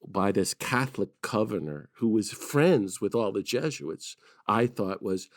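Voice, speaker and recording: A man, a priest and activist, telling stories on a podcast as a guest, lively and laughing as he goes. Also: fairly low pitch, unhurried, hardly any pauses, dry recording, studio quality. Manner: lively storyteller who laughs and acts out quotes. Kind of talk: conversational storytelling.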